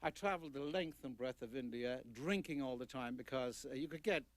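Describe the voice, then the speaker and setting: An older man, an author, telling rambling anecdotes at a book talk with many pauses and fillers. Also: medium pitch, no room sound. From Ireland.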